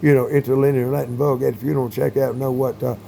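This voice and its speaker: A man talking in a rambling monologue, full of fillers, with sudden loud bursts. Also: mid-range voice, little pitch movement, quick pace, gravelly, slight background noise.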